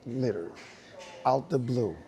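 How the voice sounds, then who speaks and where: A man's voice: medium pitch, animated, moderate pace, warm tone. A man who is a dancer tells an anecdote and acts out the dialogue, laughing often. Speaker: dancer guest. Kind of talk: storytelling anecdote.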